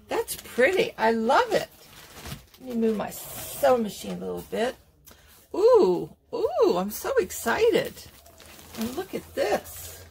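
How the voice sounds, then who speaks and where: Slow-talking gravelly older woman. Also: a little high, a little hiss or hum. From Florida. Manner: chatty, gushing, many ums. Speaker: craft vlogger. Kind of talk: casual unboxing chat. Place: home sewing table.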